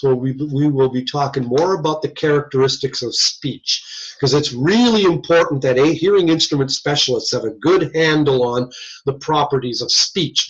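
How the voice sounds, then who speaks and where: A man's voice: mid-range voice, breathy edge. A man lecturing a class in a folksy, joking, conversational way, in a dull lo-fi classroom recording. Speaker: instructor. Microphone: video call or room mic.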